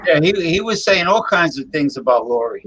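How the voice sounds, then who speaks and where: A man's voice: fairly high pitch, sing-song, brisk, noisy background. A man on a talk show prompting the storyteller to go on. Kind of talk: casual talk-show banter.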